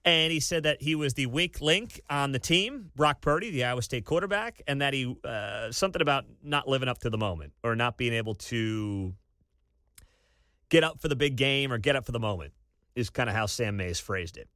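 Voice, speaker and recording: A man hosting a college sports talk radio show, ranting with incredulous energy and bursts of shouting. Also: medium pitch, normal speed, no room sound, studio quality. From Kansas City area. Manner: animated, incredulous rants with sudden shouting.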